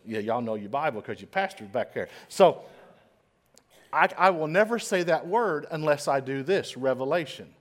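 A man's voice: on the high side, lively intonation, moderate pace. A man giving a humorous motivational talk to a live audience, joking at his own expense and sometimes stumbling over words. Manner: self-deprecating, joking; admits trouble with certain words, occasional stammer. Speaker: invited speaker.

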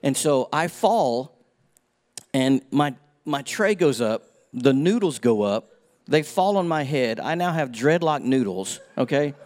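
A man in his fifties preaching a sermon, telling a personal story with folksy humor and moving between hushed moments and emphatic points. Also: mid-range voice, expressive, unhurried. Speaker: pastor.

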